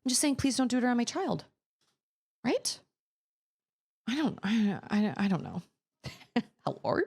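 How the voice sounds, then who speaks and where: A woman's voice: a little high, very animated, unhurried, gravelly, darkish tone, husky. A woman streamer in her thirties, chatting casually and telling an exasperated, rambling story full of quoted back-and-forth. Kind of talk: casual chat while gaming.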